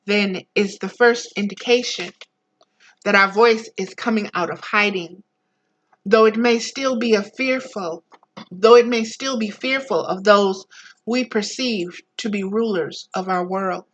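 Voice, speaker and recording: A woman reading a book aloud as a spiritual teacher, slow and deliberate, breaking off into soft, low personal asides. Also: dull audio.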